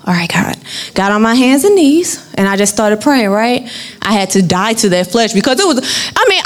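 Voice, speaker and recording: A young woman minister shares a personal story in a chatty, animated way. Her voice sits a little high, and she acts out quick voices for her family. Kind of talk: testimony storytelling.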